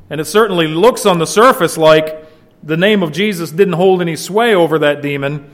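A man preaching an expository sermon, swinging between loud emphasis and quiet, low asides. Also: normal speed. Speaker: pastor.

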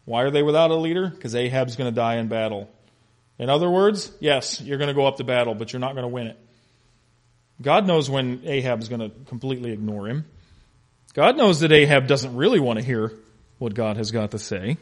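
A man teaching an interactive Bible lesson, animated and questioning his class with humor. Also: medium pitch, fairly quick.

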